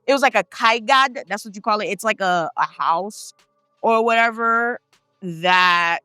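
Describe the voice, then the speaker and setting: A woman's voice: mid-range voice, measured pace, bright, forceful tone, smooth, no echo, faint music behind. A woman telling a paranormal story in a casual, chatty way, swearing freely and talking straight to her viewers. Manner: chatty, profane, addresses the viewers directly.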